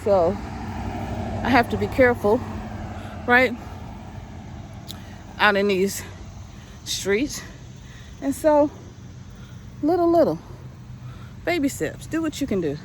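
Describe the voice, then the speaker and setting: A woman's voice: on the high side, expressive, slow, pauses often. A middle-aged woman, out of breath, giving a casual, encouraging vlog as she walks outdoors on a residential street, repeating her points with a preachy insistence. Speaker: vlogger. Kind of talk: casual motivational vlog while walking. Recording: faint street noise outdoors.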